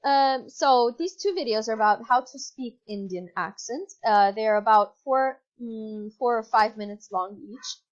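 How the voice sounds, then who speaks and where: A woman with an Italian accent leads a recorded online English lesson in a patient, instructive way, pausing on fillers and correcting herself. Her voice sits a touch high. The sound is dull and lo-fi, as from a laptop microphone. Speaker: English teacher. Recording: dull lo-fi computer mic.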